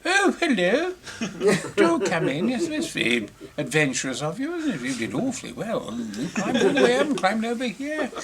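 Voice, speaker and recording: A man's voice: high-pitched, huge pitch swings, normal speed, over a noisy crowd, pitched above the performer's own voice. A man voicing a gracious, posh elderly queen with a prim, fluting manner.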